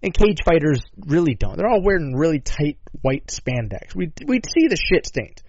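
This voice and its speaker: A sarcastic man hosting a talk show rambles loosely and swears freely. His voice sits a little high and swings widely in pitch. The sound is dry and dull, like a lo-fi recording. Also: big pitch swings, normal speed, a little mellow, dry recording. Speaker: podcast host. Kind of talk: casual profane commentary.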